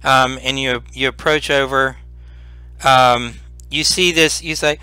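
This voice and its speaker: A man running a tabletop game as game master, describing the scene slowly and deliberately. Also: medium pitch, steady tone, pushed and bright, smooth, dry recording.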